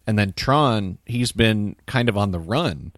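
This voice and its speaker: Low-voiced thoughtful man, hesitant. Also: lively intonation, measured pace, dry recording, studio quality. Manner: thoughtful, hesitant, lots of fillers. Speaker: podcast co-host. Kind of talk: casual film commentary.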